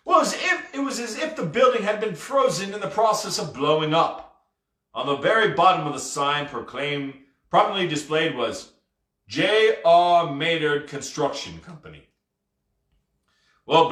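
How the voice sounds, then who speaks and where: Bright-voiced man reading a story aloud. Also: a little high, echoey room. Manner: expressive, with casual asides. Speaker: storybook reader.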